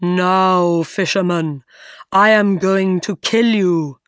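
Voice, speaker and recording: A woman voicing a huge angry male giant in a slowly read storybook, loud and threatening. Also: fairly low pitch, no room sound, clean studio sound. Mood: menacing.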